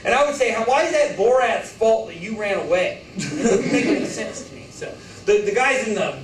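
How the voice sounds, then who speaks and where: A man's voice: high voice, expressive, brisk, crowd noise. A man lecturing a college class, joking and throwing rhetorical questions at the students, often acting out quotes in other voices. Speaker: college instructor. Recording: echoey room from far off, faint hiss.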